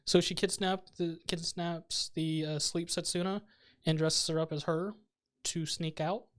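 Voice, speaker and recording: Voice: medium pitch, steady tone, unhurried, fairly bright tone. A podcast co-host chatting casually about anime, tossing in short jokes and questions. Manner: short joking interjections. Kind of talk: casual anime review chat.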